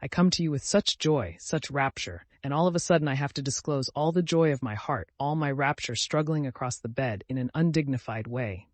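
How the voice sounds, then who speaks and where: A man's voice: medium pitch, fairly quick, few pauses, no room sound, lightly acted. A man voicing an emotional young male clerk, earnest and touchy, in an audiobook reading.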